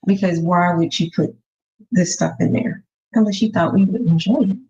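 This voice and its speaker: A woman's voice: on the low side, moderate pace. Female co-host, blunt interrupter; lo-fi muffled mic. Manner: blunt, excitable, cuts in. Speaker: podcast co-host. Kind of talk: casual TV review chat. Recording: dull lo-fi mic.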